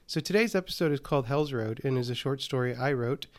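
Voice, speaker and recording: A man hosting a horror podcast and narrating a scripted short story in a calm, even delivery. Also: mid-range voice, quick pace.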